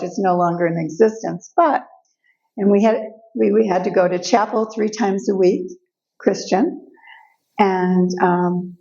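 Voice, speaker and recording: An older woman speaking as a guest speaker, telling personal stories in a lively way and acting out the voices of the people in them. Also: medium pitch, gravelly, dull audio. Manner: lively storytelling, acts out quoted voices. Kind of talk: personal storytelling talk. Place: event room.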